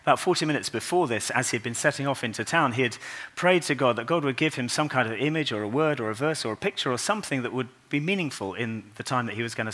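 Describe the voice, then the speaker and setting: A man preaching a Christmas sermon in a church, earnest and unhurried, dropping to a soft, quiet voice for tender passages. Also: mid-range voice.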